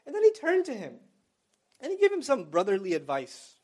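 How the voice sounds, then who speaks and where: A man's voice: very high-pitched, huge pitch swings, brisk, darkish tone, slightly rough. A man giving an Islamic lecture to college students, conversational and explaining terms in plain everyday words, with emphatic storytelling.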